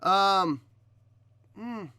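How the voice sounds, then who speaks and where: A man hosting a reaction video, giving measured critique in casual talk, often pausing with ums and restarting his sentences. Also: sits high, sharp tone, clean tone, no room sound. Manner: hesitant, many ums and restarts. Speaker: reaction video host reviewing a singer. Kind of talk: casual spoken commentary.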